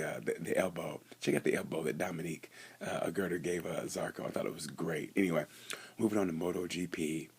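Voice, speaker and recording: Young guy w a deep gravelly husky voice, rambly jokey race talk. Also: darkish tone. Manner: rambling, joking, stumbling restarts. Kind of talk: casual race review vlog.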